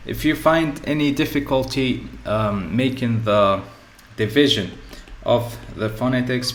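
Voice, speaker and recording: Guy slowly walking through a grammar lesson, repeats himself a lot, roomy echo. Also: fairly low pitch, fairly bright tone. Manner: slow and repetitive, often says "okay" and "so". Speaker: English teacher. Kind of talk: slow explanatory lesson. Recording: echoey room with faint ambient noise.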